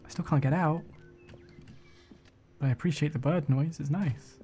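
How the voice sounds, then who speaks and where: A man's voice: a little high, normal speed, pauses often, mellow, a little hiss or hum. A man casually commentating a game on a live stream, joking and chatting to himself and his viewers.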